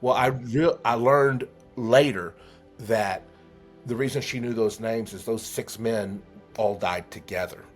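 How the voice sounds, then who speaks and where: Earnest man telling a story, halting. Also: medium pitch, faint music behind. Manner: earnest, halting, many restarts. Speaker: guest, memory trainer. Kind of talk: storytelling in a podcast interview.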